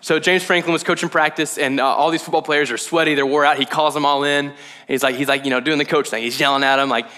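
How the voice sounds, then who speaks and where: A man delivers a sermon in a lively, conversational manner, with frequent check-ins to his listeners and playful asides. His voice is bright and forceful and sits a little high. Long reverb from a large hall trails after his words. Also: quick pace. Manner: jokey asides and acted-out quotes. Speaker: pastor.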